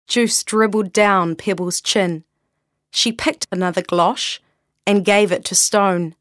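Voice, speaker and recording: A woman reading a children's story aloud in a gentle, unhurried storytelling manner. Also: mid-range voice, dry recording, studio quality.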